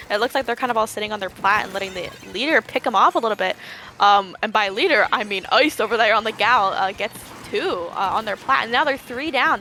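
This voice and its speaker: A woman's voice: on the high side, sharp tone. A young woman commentating a live esports tournament, joking in playful mock outrage and wandering off on tangents.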